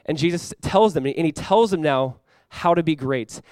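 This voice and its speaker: A young adult man preaching a sermon as pastor, animated and acting out playful voices for the disciples. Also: fairly high pitch, normal speed, clean tone, no echo.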